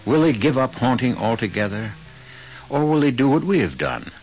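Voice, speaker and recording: A man's voice: mid-range voice, big pitch swings, normal speed, a little mellow, a little hiss or hum. A man hosting a radio mystery show, giving a wry, theatrical scripted introduction. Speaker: radio drama host. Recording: muffled old radio broadcast with music.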